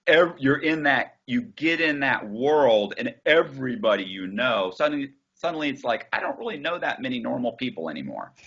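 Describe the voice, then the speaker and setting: A man guest in an interview, telling his story in a blunt, profane, animated way over a video call. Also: medium pitch, breathy edge, dull audio. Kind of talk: casual storytelling.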